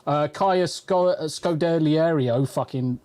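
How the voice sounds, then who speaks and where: A sweary man from the English Midlands hosts a loose panel chat, rambling eagerly between topics. His voice sits a little high and sounds dry and close to the mic. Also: takes it slowly, darkish tone, dry recording. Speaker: podcast host.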